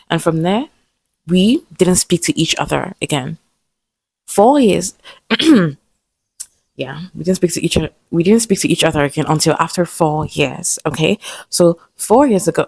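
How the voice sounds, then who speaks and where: Young woman, low voice, vocal fry, chatty storytelling, repeats herself, dry close sound. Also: a little mellow, no room sound. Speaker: vlogger. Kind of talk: casual storytelling to camera.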